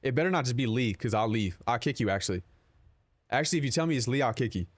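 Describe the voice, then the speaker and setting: A man's voice: medium pitch, lively intonation, fast talker, no room sound. A young man streaming live, chatting casually with his viewers in a rambling, profane, joking way. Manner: rambling, profane, jokey, answers chat.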